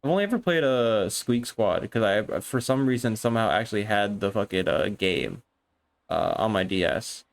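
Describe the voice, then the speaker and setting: A young man chatting casually on a live stream, excitable and rambling, swearing often and restarting his sentences. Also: fairly low pitch, normal speed, vocal fry.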